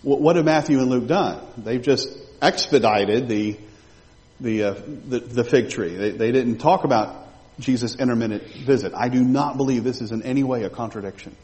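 A male pastor preaching a sermon, animated and full of rhetorical questions to his congregation. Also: medium pitch, moderate pace. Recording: long reverb of a large hall.

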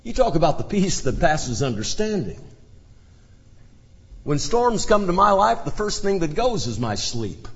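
Male pastor, high and expressive, deliberate sermon pacing; muffled recording, long reverb of a church hall. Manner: expository Bible teaching, dramatic shifts in emphasis. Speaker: preacher.

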